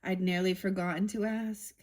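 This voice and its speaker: A woman's voice: mid-range voice, fairly even intonation, moderate pace, a little mellow, close to an everyday voice. A woman reading aloud the lines of a sly, teasing male cat from a storybook.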